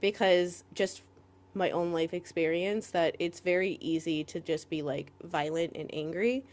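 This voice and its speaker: A woman co-hosting a podcast in casual chat, rambling with lots of "like" fillers and quick laughs. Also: fairly low pitch, steady tone, a little mellow. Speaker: podcast co-host.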